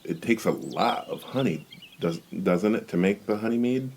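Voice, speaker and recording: A woman's voice: rumbling low, lively intonation, normal speed, darkish tone, slight background noise. A woman in a casual podcast chat, friendly, often restarting her sentences. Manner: friendly, stumbles over starts. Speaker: podcast co-host.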